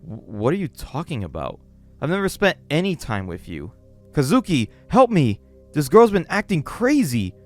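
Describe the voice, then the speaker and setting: Brief: scared young sister, shrill and alarmed, voiced by a man, music faint behind. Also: wildly swooping pitch, moderate pace. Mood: terrified. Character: frightened young woman, panicked sister.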